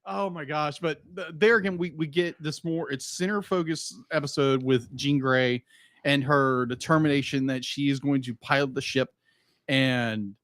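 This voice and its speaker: A man co-hosts a podcast in casual chat, laughing easily and restarting sentences as he goes. His mid-range voice is fairly bright at normal speed, studio quality with no room sound.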